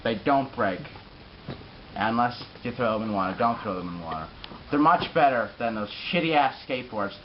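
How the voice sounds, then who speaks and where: A man's voice: mid-range voice, lively intonation, moderate pace, highs cut off, slight background noise, close to an everyday voice. A man playing a boastful, crude pro scooter rider in a mock interview comedy sketch, rambling and bragging. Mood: swaggering.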